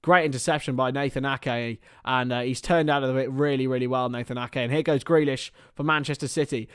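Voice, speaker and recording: A man's voice: mid-range voice, fairly even intonation, fairly quick, few pauses, fairly bright tone, clean tone, no echo, studio quality. A young man hosting a live football watchalong, commenting on the match, swearing casually and chatting to his viewers.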